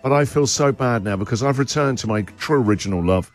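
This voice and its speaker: A man's voice: mid-range voice, quick pace, faint music behind. A middle-aged man hosting a breakfast radio show, chatting and joking as he reads out listener messages. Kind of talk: casual radio chat.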